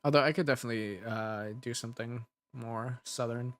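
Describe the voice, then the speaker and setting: A man's voice: medium pitch, fairly even intonation, brisk. A young adult man, an ASMR creator, rambling casually with restarts while chatting on a livestream.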